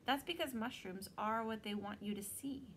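A woman's voice: on the high side, moderate pace, slight background noise, close to an everyday voice. A practical young man talks in a blunt, instructive way, as a woman reading a storybook aloud puts him on. He sounds matter-of-fact and close to the reader's own voice. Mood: explaining.

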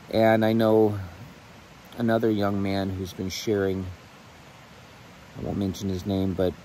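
A middle-aged man speaking outdoors on rural land, praying and then talking to his viewers in an earnest, emotional way with pauses and restarts. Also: low-pitched, warm tone, slight background noise, poor audio. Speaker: channel host. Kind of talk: heartfelt prayer and casual talk to camera.

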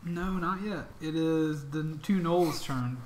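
A man's voice: on the high side, slow pace, reverberant, a little hiss or hum. A man narrating a tabletop game as dungeon master, in a loose, chatty way with plenty of ums and laughs.

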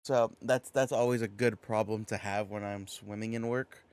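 Chatty low-voiced male podcast host. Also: steady tone, normal speed, darkish tone, clean tone, no echo. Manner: chatty, tangent-prone, filler-heavy. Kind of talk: casual podcast chat.

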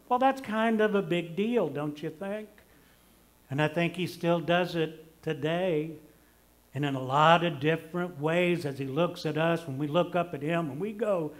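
An older man preaching a conversational sermon, homey and self-deprecating, swinging between emphatic lines and hushed ones. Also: a little high, a little slow. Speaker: pastor.

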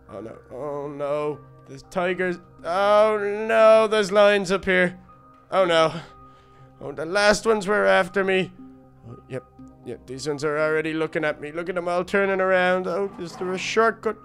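A man voicing a silly, excitable male baby duck, rambling and talking to himself through a game role-play. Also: high-pitched, moderate pace, smooth, faint music behind. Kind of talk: Minecraft role-play narration.

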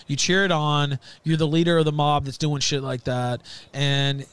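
A man's voice: a little high, little pitch movement, moderate pace, a bit bright, clear, resonant tone. A man joining a livestream discussion, speaking bluntly and with heat. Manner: blunt, heated. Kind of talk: livestream commentary.

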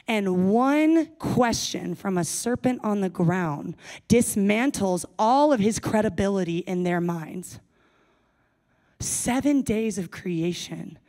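A woman's voice: mid-range voice, takes it slowly, dark tone. A young adult woman giving a sermon to a young adults service, speaking casually and playfully with jokey asides.

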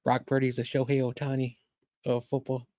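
Male stream co-host, mellow low-key monotone, dry teasing banter. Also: normal speed, dry recording.

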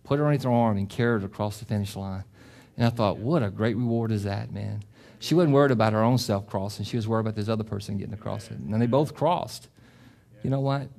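Speaking quickly in a lowish voice, a middle-aged pastor delivers a passionate sermon that closes with prayer. Phrases get repeated and restarted, and he rises to loud, forceful climaxes.

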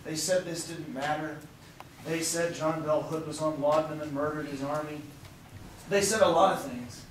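A hoarse man leads a tour group outdoors, his voice worn but pitched a little high, and he speaks with the emphatic fervor of a preacher. He is picked up from a distance, with heavy echo and some faint noise around him. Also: fairly even intonation, moderate pace. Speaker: tour guide. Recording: distant, echoey outdoor recording.

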